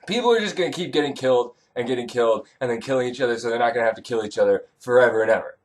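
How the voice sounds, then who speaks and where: A young man retelling an old tale as irreverent comedy, sarcastic and full of profane asides. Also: mid-range voice. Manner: animated, sarcastic, rapid asides. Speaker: comedic storyteller.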